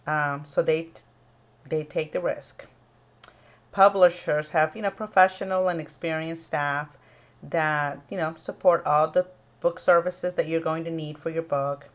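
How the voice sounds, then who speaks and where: Low-voiced woman explaining publishing, unhurried. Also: steady tone. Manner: unhurried, with frequent ums and pauses. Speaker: author and small publisher. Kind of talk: casual informational talk to camera.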